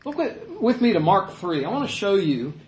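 A man's voice: high-pitched, sing-song, moderate pace, a little mellow, reverberant, rough recording. A male pastor preaching a sermon in a conversational way, rising to emphatic peaks.

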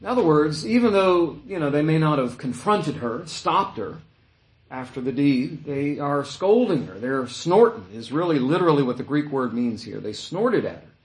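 A man preaching a Bible-teaching sermon, his voice sitting a little higher than most men's. He talks casually and thinks aloud, with plenty of "uh" and "you know" along the way. The sound bounces around a roomy, echoey space. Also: big pitch swings, normal speed. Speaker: pastor. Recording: echoey room.

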